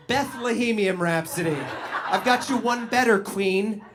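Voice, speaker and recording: A man with a high voice working through a stand-up set, storytelling with lots of energy. He keeps slipping into the voices of the people in his stories, with a faint ambient hum behind him. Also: measured pace. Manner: animated, acts out voices. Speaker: stand-up comedian. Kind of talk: stand-up comedy routine.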